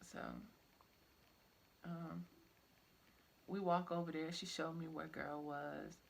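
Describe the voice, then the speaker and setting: A woman's voice: low-pitched, level tone, slow, vocal fry, slight background noise. A young woman telling a personal story in a loose, rambling way, with plenty of "like" asides. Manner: casual, rambling, full of "like" and "I'm like" asides.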